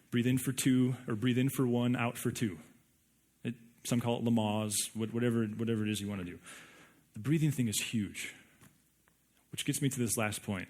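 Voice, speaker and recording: Male pastor, mid-pitched voice, casual animated sermon delivery, lots of restarts. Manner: animated, conversational preaching with frequent restarts.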